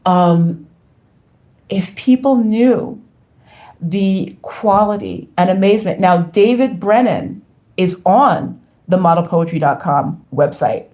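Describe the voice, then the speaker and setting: A woman's voice: on the low side, animated, takes it slowly, warm tone. A woman from the United States hosting a casual livestream, effusive and rambling, with lots of ums as she reads the chat. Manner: effusive, rambling with many fillers. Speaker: livestream host.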